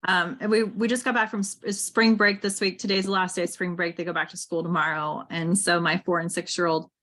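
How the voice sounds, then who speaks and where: A woman's voice: fairly low pitch, little pitch movement, brisk, fairly bright tone. A woman in her thirties hosting a casual chat, talking chattily with many fillers like "like" and "right". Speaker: host.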